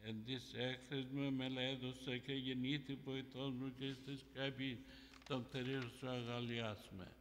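A man chanting psalms in a steady liturgical intonation, recorded in a church. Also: mid-range voice. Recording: long church reverb, faint hiss.

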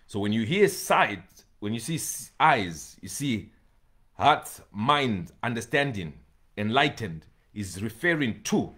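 A man's voice: mid-range voice, a bit bright, breathy edge. A man preaching a sermon, pleading and emphatic, repeating key words for stress.

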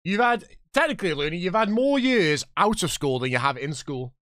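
He's a chatty thirty-something streaming a football manager game, switching from banter with viewers to hollering at the match. His higher voice swings freely with lively intonation at a fairly quick pace, recorded dry with no room sound.

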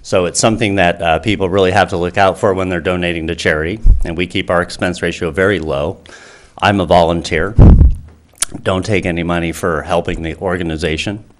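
A man's voice: deep voice, fairly even intonation, fairly quick, a little hiss or hum. A man who founded a charity, speaking earnestly to a town council with many fillers and restarts. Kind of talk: public comment speech.

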